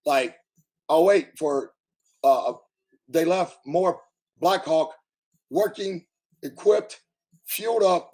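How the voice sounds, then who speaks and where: A man from the United States ranting bluntly at his live chat, his voice hoarse and damaged after covid, talking loudly so he can be heard and swearing freely. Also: a little high, low-quality recording. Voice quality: husky, strained. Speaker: livestreamer answering chat. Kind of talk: casual live-stream rant.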